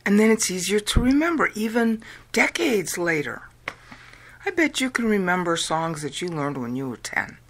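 A woman from the United States explaining an idea to viewers, slow and deliberate, drawing words out and counting them aloud. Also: fairly low pitch, sing-song. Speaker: video lecturer. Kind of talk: explanatory talk.

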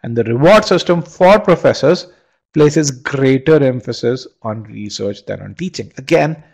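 A man's voice: mid-range voice, expressive, measured pace, creaky, a little mellow, low-quality recording. A man teaching a live online test-prep webinar, asking the class questions and restarting phrases with repeated words.

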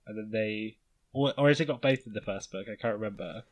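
A man with an English accent co-hosting a podcast in casual chat, quick to laugh and exclaim. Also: on the low side. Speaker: podcast co-host.

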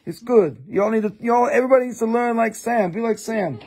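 Gravelly, teasing man. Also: very high-pitched, fast talker, darkish tone. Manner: teasing, joking banter with viewers. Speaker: live stream seller. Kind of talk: live selling stream chat.

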